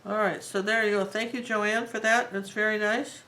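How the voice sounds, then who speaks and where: A woman's voice: medium pitch, flat delivery, normal speed, rough recording. A woman teaching a live painting tutorial, talking in a chatty and rambling way as she works. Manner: chatty, rambling and warmly enthusiastic. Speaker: art teacher.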